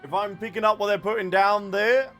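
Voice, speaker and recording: Excitable young male game streamer. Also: high voice, fairly quick, soft background music. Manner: excitable, rambling, lots of "like" and restarts. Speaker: gaming streamer. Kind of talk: casual gameplay commentary.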